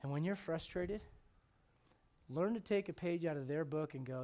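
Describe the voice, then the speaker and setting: A man preaching a sermon as pastor, speaking emphatically with loud bursts and direct questions to the congregation. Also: on the high side, moderate pace.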